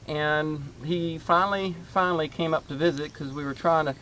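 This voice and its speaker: A man's voice: a little high, steady tone, bright, forceful tone, a little hiss or hum. A man hosting his homestead channel, chatting casually outdoors in his garden and rambling with lots of fillers. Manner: rambling, halting with many fillers.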